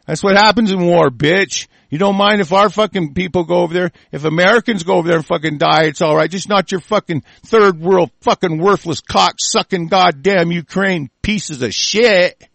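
A man's voice: high-pitched, moderate pace, vocal fry, a bit bright, dry recording. A man delivering an angry, profanity-laden rant, swearing in nearly every sentence. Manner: swears constantly, bitter and aggressive.

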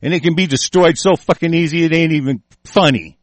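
A man's voice: on the high side, fairly quick, no room sound. Angry cursing man ranting, dry sound. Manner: angry, cursing heavily, shouting; stumbles over words while reading. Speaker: commentary show host. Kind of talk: profane ranting commentary, reading news aloud.

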